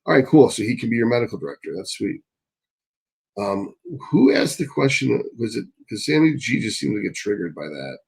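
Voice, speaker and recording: A man's voice: mid-range voice, very animated, a little fast, gravelly, darkish tone, husky, poor audio. Blunt, profane man hosting a live Q&A. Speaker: host answering live chat questions. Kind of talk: live stream Q&A, casual chat.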